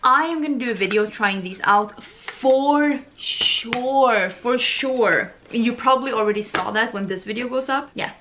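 A young woman from Sweden chatting excitedly as she unboxes beauty products for her vlog, gushing and chatty. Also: on the high side, measured pace, few pauses, a little hiss or hum. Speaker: beauty vlogger.

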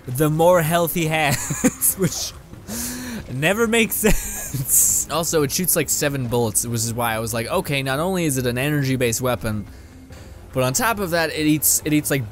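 Medium in pitch and moderate in pace, this young man from Canada gives casual let's play commentary as a gaming YouTuber, with faint music behind him. He rambles, laughs often, and now and then curses at the video game he's playing.

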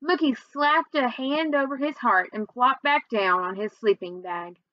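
A woman's voice: a little high, a little slow, no echo, dull audio. A woman teacher reading chapters of a novel aloud to her students, summing up first with many fillers before reading on steadily. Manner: recaps with many fillers, then reads steadily.

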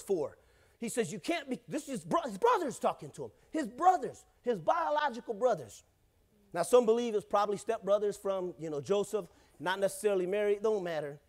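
Male pastor with a high voice, relaxed and jokey delivery, keeps asking the congregation for responses. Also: fairly quick. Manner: casual, joking, calls out to the congregation. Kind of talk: sermon. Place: church.

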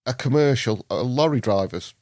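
A man, a podcast guest from England, telling a long anecdote in a lively way, putting on voices and laughing often. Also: medium pitch, moderate pace, no echo, studio quality. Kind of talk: anecdotal storytelling.

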